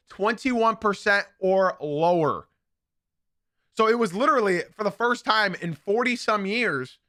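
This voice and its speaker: A man's voice: sits high, pushed and bright, no echo, studio quality. A young man hosting a live sports podcast, giving opinionated commentary and repeating his points for emphasis. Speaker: podcast host.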